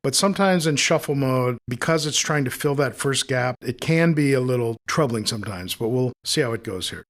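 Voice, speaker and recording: A man with a voice of ordinary, mid-range pitch leads a screen-recorded lesson on audio editing. He talks in an easy, explanatory way and thinks aloud as he works through each step on screen. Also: a little fast, few pauses. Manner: relaxed, explanatory, thinking aloud while demonstrating. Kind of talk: screen-recorded software tutorial.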